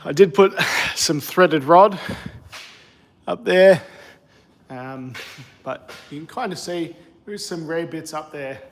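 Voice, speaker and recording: A man's voice: fairly high pitch, slow pace, pauses often, a little hiss or hum. An Australian man live streaming from his cold home shed on a phone, chatty and self-deprecating as he greets viewers. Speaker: car channel host. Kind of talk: casual live stream chat.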